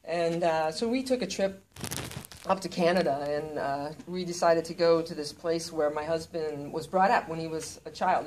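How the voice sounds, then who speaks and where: A woman's voice: deep voice, background noise. Older woman telling a laughing story. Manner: animated, laughing, many restarts. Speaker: comedian. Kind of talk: stand-up storytelling.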